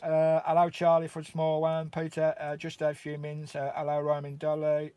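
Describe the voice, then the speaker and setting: A man's voice: on the high side, level tone, moderate pace, hardly any pauses, a little mellow, dry recording. Chatty Welsh man, dry close sound. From Wales. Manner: chatty and matey, calls viewers mate and bro. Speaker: vlogger hosting a live stream. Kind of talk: casual live-stream chat, greeting viewers. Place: inside his camper van in a remote valley.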